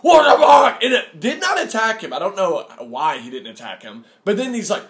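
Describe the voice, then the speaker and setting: Animated young man, lively pitch. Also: brisk. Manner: animated, acts out quotes in raised shouting voice. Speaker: podcast host. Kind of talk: casual podcast chat.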